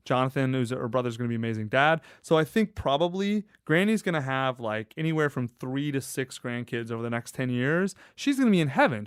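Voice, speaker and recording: A man's voice: mid-range voice, smooth, no room sound, clean studio sound. A man, a podcast guest, telling personal stories in a casual, emphatic way, swearing now and then. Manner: animated, emphatic, casual swearing, acts out quoted friends. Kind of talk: casual conversational storytelling.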